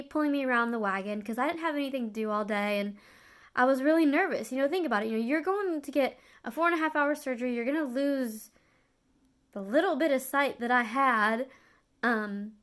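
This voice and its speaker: A young woman vlogger recounting a personal hospital experience in an earnest, confiding way, with frequent fillers and restarts. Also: high voice. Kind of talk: emotional personal storytelling.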